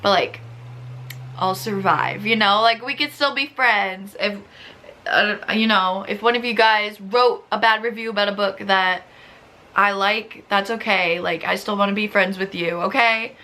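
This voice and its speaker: A young woman vlogging casually about books, reading reviews aloud in an animated, exasperated way, often using "like". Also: mid-range voice, measured pace. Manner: animated, exasperated, giggly, lots of "like". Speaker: book vlogger.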